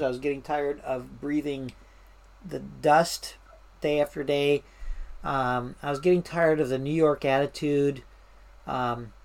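Woman telling firefighting stories with restarts. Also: low voice. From Washington State. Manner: animated anecdotes with fillers and restarts, mimics voices. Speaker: interview guest, firefighter. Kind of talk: casual storytelling.

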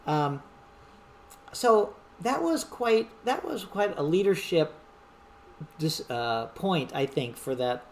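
Animated middle-aged woman telling a story. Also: fairly low pitch, slow, pauses often, slight background noise. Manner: animated storyteller who acts out shouted quotes. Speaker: wildland fire division supervisor. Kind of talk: storytelling monologue.

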